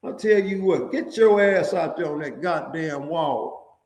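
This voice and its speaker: A man voicing a hot-tempered, bullying redneck prison officer who shouts and curses in accusation. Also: fairly high pitch, measured pace, pitched above the performer's own voice, close to an everyday voice. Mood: angry, accusing. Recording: echoey room.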